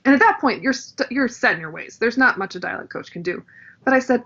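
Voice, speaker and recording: A woman with a bright, crisp voice talks casually as a podcast guest and explains dialect work as a coach. She acts out vowel sounds and laughs easily. The audio is somewhat dull and lo-fi. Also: on the high side, quick pace. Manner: animated, demonstrates dialect sounds, laughs often.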